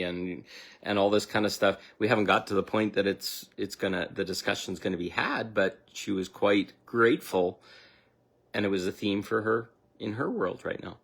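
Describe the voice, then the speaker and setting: Low-ish voiced guy doing a spiritual coaching livestream, earnest, rambles a bit, squeaks up high when he quotes people. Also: a bit bright. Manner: earnest, unscripted, trailing off into asides; acts out quoted inner voices with sudden high pitch. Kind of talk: livestream talk.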